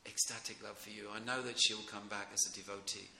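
A middle-aged man gives a rambling, excitable devotional class, his gravelly voice carrying a hard, forceful edge. He chuckles often as he talks. The sound is roomy and echoey, with a faint noise underneath. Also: fairly low pitch, fast. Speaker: speaker giving a devotional class. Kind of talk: informal devotional class talk.

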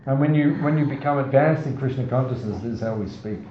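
A man's voice: mid-range voice, quick pace, a little hiss or hum. A man giving a scripture class to a small audience. He tells stories, asks the audience questions, and makes playful asides. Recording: roomy, slightly dull sound.

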